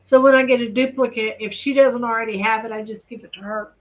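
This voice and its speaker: Speaking fast in a slightly high, steady voice, this woman comes through on a muffled recording. She's a channel host vlogging from her home on a residential cul-de-sac, where she chats loosely and reads out official text, frequently pausing to comment on what she's reading.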